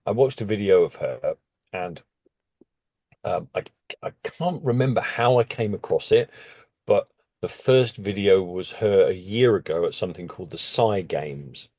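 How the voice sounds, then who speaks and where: Man, interview guest, casual storytelling, lowish voice, animated, dry close sound. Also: a little slow, no echo. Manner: animated, with sudden jumps in pitch.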